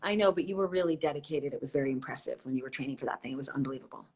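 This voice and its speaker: A woman's voice: very deep voice, rapid-fire, a little mellow, slight background noise. A woman hosting an Instagram live, chatting casually and gushing, with easy laughs, speaking into a phone or laptop. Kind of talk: casual chat. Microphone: phone or laptop on a live video stream.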